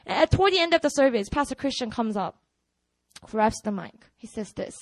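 A young Korean woman with a Korean accent, telling a church her personal testimony in lively storytelling full of "you know" fillers. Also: sits high, normal speed, dry recording, poor audio. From South Korea. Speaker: ministry worker giving a testimony.

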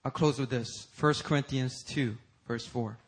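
A man preaching a sermon as pastor, swinging between loud emphatic peaks and low, intense passages. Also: fairly even intonation, a little slow, husky.

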